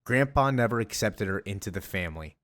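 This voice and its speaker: A man's voice: on the low side, animated, fairly quick, a bit bright. A man voicing a bitter, vengeful young male villain in a sneering, threatening tone while retelling a comic.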